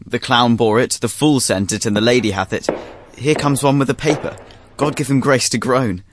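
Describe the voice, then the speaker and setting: A man's voice: mid-range voice, moderate pace, background noise, natural voice. An actor playing a witty, lovesick young nobleman who mocks his friends. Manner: wry, mocking. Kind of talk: stage acting in verse.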